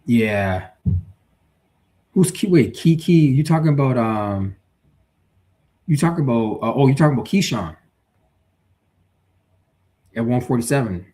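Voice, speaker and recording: A man's voice: mid-range voice, unhurried, pauses often. A man hosting a live stream, talking casually and with strong opinions, reading out viewer comments and arguing his points. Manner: animated, opinionated, reads chat aloud. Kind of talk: casual live boxing talk.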